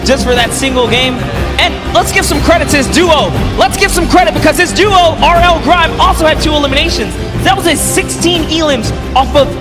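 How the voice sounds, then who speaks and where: A man casting a live esports event in an arena, shouting his hype calls. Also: very high voice, brisk. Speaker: esports caster. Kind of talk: live game commentary. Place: large arena. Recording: loud live arena crowd. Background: loud music and crowd.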